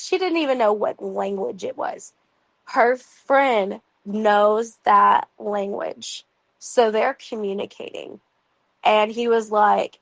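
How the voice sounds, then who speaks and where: A woman tells a story to her viewers in a loose, chatty way, with plenty of "like"s and quick asides. Her voice has a gravelly fry to it. The recording is dry and close, with no room sound. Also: mid-range voice, no room sound, poor audio. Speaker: vlogger. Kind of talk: casual storytelling.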